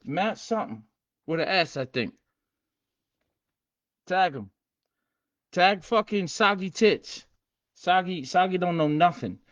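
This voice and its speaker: A man hosting a casual livestream, hyped and streetwise, repeating himself and shouting out viewers by name. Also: high-pitched, expressive, slow, long pauses, lo-fi sound. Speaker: livestream host teaching game rules.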